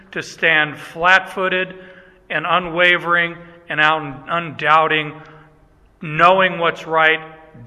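A man's voice: fairly high pitch, sharp tone. A man preaching a sermon as pastor, folksy and self-deprecating, often restarting his sentences. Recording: echoey hall.

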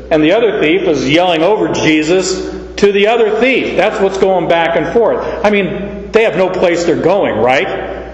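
Slow, echoey preaching man in a hall. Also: sits high, muffled recording. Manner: earnest expository preaching, reading and explaining verses aloud. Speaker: pastor. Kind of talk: sermon.

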